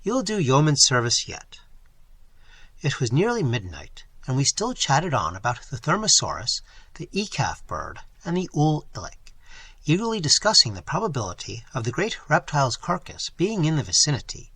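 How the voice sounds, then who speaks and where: Male storyteller, slightly high voice, very animated pitch; first-person audiobook reading. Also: moderate pace, slightly rough, no echo. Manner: expressive, wide-ranging storytelling. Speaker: audiobook narrator.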